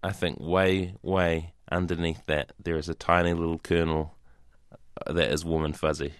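A man in his thirties with a New Zealand accent, giving an interview in a dry, hesitant way with soft laughs. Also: sits low, little pitch movement, moderate pace, smooth, no echo. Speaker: guest actor and comedian. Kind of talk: interview conversation.

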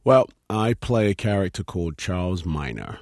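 British man with a very low voice, easygoing interview guest who laughs often and drifts through "um"s as he tells stories. The sound is dry and close, with no room around it. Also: moderate pace, no echo. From Britain. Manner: laughs easily, relaxed storytelling with many fillers. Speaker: actor guest. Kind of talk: casual interview chat.

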